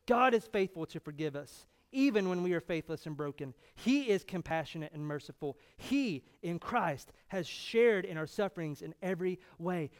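Fervent high-voiced pastor. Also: male voice, lively intonation, normal speed, hardly any pauses, smooth. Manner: rhetorical questions, rising to fervent emphasis. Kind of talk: sermon.

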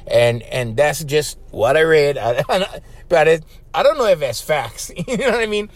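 A man's voice: fairly high pitch, expressive, moderate pace, no room sound. A middle-aged man from Hawaii with a Hawaiian Pidgin accent, hosting a podcast in a rambling, casual storytelling way, repeating his words and chuckling often. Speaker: podcast host.

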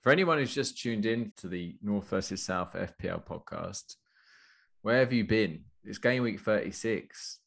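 Low-voiced man hosting a podcast. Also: animated, normal speed, vocal fry, a bit bright. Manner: upbeat, jokey, chatty presenter. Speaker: podcast host. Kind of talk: casual podcast chat.

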